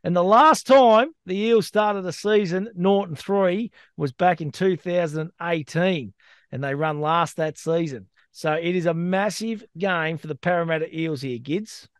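A man's voice: high voice, unhurried, smooth, dry recording, clean studio sound. An Australian man co-hosting a sports betting podcast, reading out odds and stats in a chatty, matey way. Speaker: co-host.

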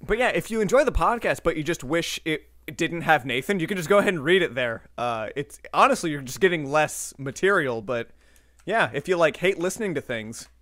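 A man's voice: fairly high pitch, lively intonation, brisk, a bit bright, no room sound, studio quality. A man co-hosting a podcast, reading scripted history notes with joking asides and the odd slip of the tongue. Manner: reads notes with joking asides and occasional slips. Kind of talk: scripted history narration mixed with casual chat.

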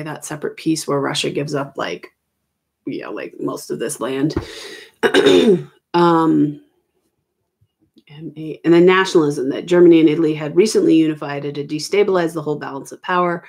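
A middle-aged woman talks through a history exam review at home in a slightly low voice. She explains casually, stopping to correct herself and filling gaps with ums. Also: gravelly, a little mellow. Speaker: history teacher. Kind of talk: recorded exam review lesson. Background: children arguing in the background.

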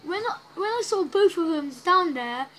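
A woman's voice: very high voice, animated, normal speed, a bit bright, low-quality recording. A woman giving casual, rambling commentary while playing a story game, reacting aloud as she goes. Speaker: gaming channel host. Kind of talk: casual let's-play commentary.

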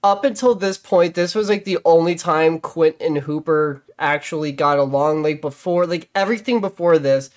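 A man's voice: a little high, moderate pace, hardly any pauses. A man chatting casually on a podcast, rambling through his point with constant filler words and restarts.

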